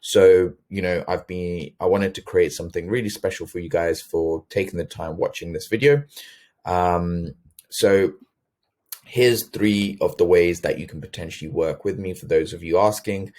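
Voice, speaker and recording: Hosting a sales webinar, this man speaks earnestly at a normal pace, his low, somewhat dark voice full of ums. He keeps restarting and correcting himself as he goes.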